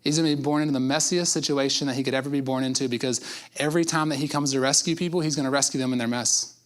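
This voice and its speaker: A man preaching a sermon, voicing God as a calm, matter-of-fact male figure who speaks softly and with flat certainty. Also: medium pitch, very fast, lightly acted.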